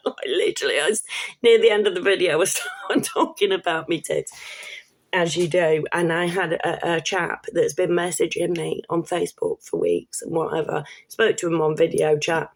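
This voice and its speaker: A British woman in her fifties talks casually to camera in a vlog, blunt and rambling, swearing and restarting often. Her voice is fairly low-pitched and moves at a normal pace.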